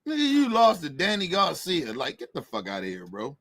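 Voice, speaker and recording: A man ranting with brash, mocking energy. His voice sits high and swings widely in pitch. He keeps hammering his points in profane, emphatic bursts. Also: wildly swooping pitch, fairly quick, a bit bright. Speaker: boxing commentator. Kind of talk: heated opinion rant.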